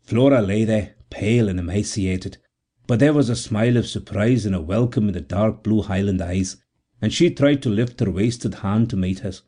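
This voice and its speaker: A man reading a story aloud in measured, even narration. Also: on the low side. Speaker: audiobook narrator. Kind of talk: scripted narration.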